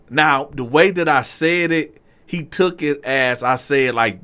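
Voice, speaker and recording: Animated, profane male storyteller. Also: on the high side, unhurried. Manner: animated, profane, asides to viewers. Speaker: storyteller, channel host. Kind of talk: casual storytelling to camera.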